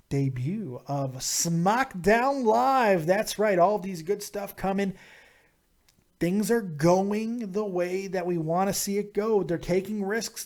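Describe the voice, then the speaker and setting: Casting: casual call-in show host, man, higher voice, animated. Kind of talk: live show call-in chat.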